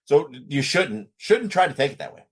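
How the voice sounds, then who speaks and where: Man, halting and filler-heavy. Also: on the high side, very animated, slightly rough. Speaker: podcast co-host. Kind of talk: casual podcast chat.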